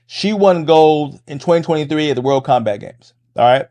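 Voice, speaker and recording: A middle-aged man hosting a podcast, talking fast in a casual monologue, restarting phrases and tagging lines with "right?". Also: on the high side, mellow. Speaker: podcast host and MMA coach.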